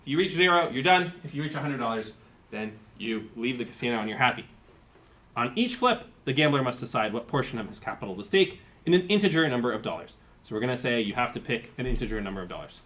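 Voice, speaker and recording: A man's voice: mid-range voice, very animated, fast talker, a bit bright. Man lecturing, thinking aloud. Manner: explains terms step by step, thinking aloud with fillers. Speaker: university lecturer. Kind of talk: live-coded lecture.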